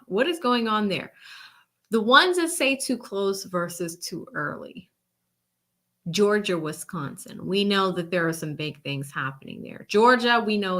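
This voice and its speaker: A woman from Boston with a Boston accent, hosting a live election-night stream and chatting casually with her viewers. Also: on the low side. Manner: animated, chatty, addresses chat directly. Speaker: livestream host.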